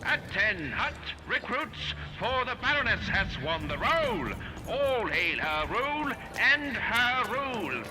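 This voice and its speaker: A shrill ceremonial herald. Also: male voice, big pitch swings, takes it slowly, exaggerated voice. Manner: ceremonial, proclaiming. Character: male herald announcing the ruler to recruits. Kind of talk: video game voice acting. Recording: distant voice over loud ambient noise.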